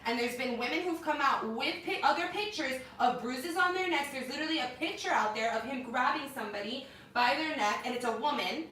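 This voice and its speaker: A young woman co-hosting a casual entertainment news chat, opinionated and animated, with lots of "like.". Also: sits high, fairly quick, hardly any pauses. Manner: animated, opinionated, heavy use of "like". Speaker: co-host. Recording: echoey room, mic at a distance, faint noise.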